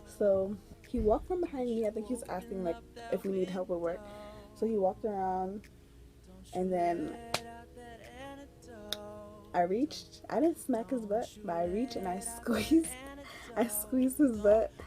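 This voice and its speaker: A woman's voice: medium pitch, a little slow, pauses often, over music. A young woman telling a story on her vlog in a rambling, chatty way, full of fillers and giggles. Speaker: vlogger. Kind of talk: casual storytime chat.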